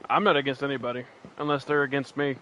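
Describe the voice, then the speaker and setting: A man's voice: mid-range voice, level tone, fast talker, bright, forceful tone, slight background noise, low-quality recording. A man streaming a game in casual chat, rambling, laughing often and answering his chat. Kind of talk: casual chat while playing and reading chat.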